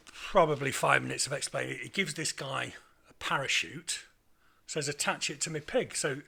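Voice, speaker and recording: Gravelly man telling a tale. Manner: animated, rising loud and high at the punchlines. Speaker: storyteller. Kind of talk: casual anecdote telling.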